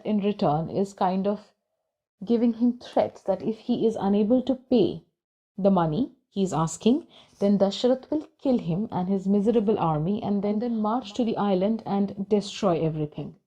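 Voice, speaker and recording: A woman retells a book's story in her own words, chatty and unscripted, with a few pauses and fillers. Her voice is mellow and warm at a medium pitch. She reads short descriptive passages slowly between plain narration. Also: expressive. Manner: conversational, with fillers and restarts. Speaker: book channel storyteller.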